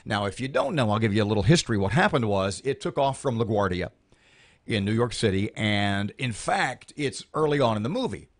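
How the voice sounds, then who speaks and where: A man's voice: fairly low pitch, expressive, a little fast. A male morning radio host, telling a rambling story in casual chat on air. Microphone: studio microphone.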